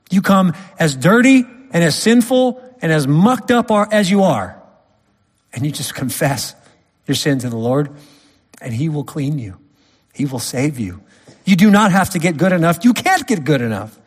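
A man preaching a sermon, emphatic, swinging from loud stresses to quiet drops. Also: fairly high pitch, lively intonation, moderate pace, pauses often, slightly rough. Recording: long hall reverb.

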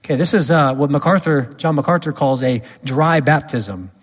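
A man preaching a sermon, emphatic, swinging from loud stresses to quiet drops. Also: a little high, normal speed, slightly rough. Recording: long hall reverb.

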